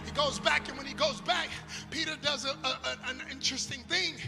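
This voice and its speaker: A man preaching a sermon in a sing-song, chanting style that swells into shouts. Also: very high-pitched, fairly even intonation, fairly quick, vocal fry, long reverb tail, music in the background.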